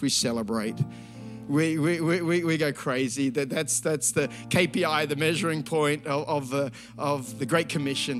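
Animated pastor, high voice. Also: male voice. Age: 50s. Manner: animated storytelling, then quiet earnest prayer. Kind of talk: sermon with story and prayer.

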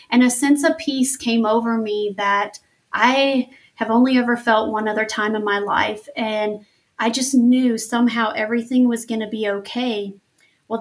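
Earnest woman sharing her testimony. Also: on the high side. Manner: earnest, faith-filled, emotional at times. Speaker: interview guest. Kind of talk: personal testimony interview.

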